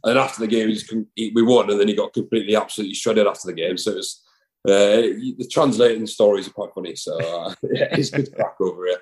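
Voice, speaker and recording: A man's voice: lowish voice, fast talker, darkish tone, rough recording. A man, a rugby player chatting casually in an interview, rambling with lots of fillers and restarts. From England.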